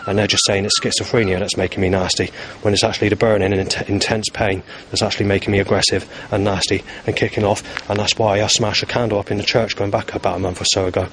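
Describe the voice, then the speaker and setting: A man's voice: lowish voice, flat delivery, fast talker, few pauses, a bit bright. A man recording a rambling spoken diary outdoors in town, agitated and swearing heavily. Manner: agitated, heavy swearing, bursts of anger. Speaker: vlogger recording his day. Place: outdoors in town, at streets, stations and bus stops. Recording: outdoor street noise and passing vehicles.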